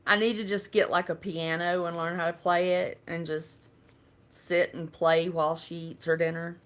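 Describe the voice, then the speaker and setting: A woman's voice: on the low side, level tone, normal speed. A woman from Alabama with a Southern accent, chatting casually and rambling on a live stream, laughing often. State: unwell.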